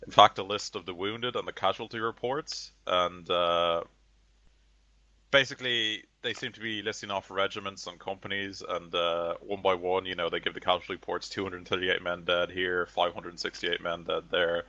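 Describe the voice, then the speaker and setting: A man's voice: sits low, flat delivery, moderate pace, pushed and bright. A man narrating a tabletop game as game master, in a rambling, loose way full of fillers, on a dull lo-fi recording.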